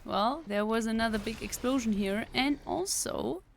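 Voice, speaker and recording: Young woman host, a touch higher voice, relaxed playful game commentary with light laughs. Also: normal speed, creaky, slight background noise. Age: young adult. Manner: chatty, playful, laughs often. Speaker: gaming video creator. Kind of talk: casual gameplay commentary.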